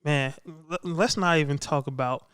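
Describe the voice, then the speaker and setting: Slangy, hyped podcast host, clear voice. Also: male voice, a little high, normal speed, fairly bright tone, dry recording, clean studio sound. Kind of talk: casual podcast chat.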